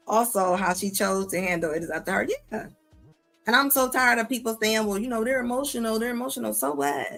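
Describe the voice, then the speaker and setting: Lively woman doing reaction commentary. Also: mid-range voice. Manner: animated, laughing, slangy. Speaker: commentary video host.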